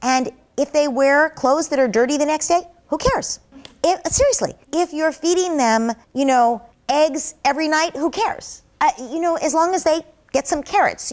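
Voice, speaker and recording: A woman's voice: sits high, darkish tone. A middle-aged woman answering interview questions as a parenting expert, speaking earnestly and walking through everyday examples. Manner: earnest, explains by acting out example dialogues. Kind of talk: interview answer, conversational advice.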